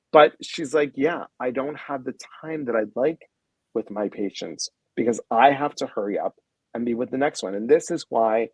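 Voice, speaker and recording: A man hosting a casual wellness livestream, effusive and heartfelt as he speaks straight to his viewers. His voice sits at an everyday middle pitch. The sound is close and dry, with no room around it. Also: darkish tone, no echo, rough recording. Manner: effusive and heartfelt, retelling conversations with quoted voices; talks straight to viewers, greeting them by name.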